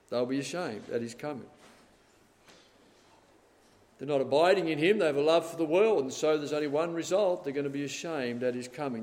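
A man preaching a sermon, swinging between loud dramatic passages and hushed, quiet ones. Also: medium pitch. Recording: long hall reverb.

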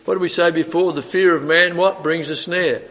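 A man preaching a sermon, putting rhetorical questions to his listeners and swinging between loud emphasis and soft asides. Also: fairly high pitch, fairly even intonation, normal speed. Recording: reverberant hall, dull lo-fi sound.

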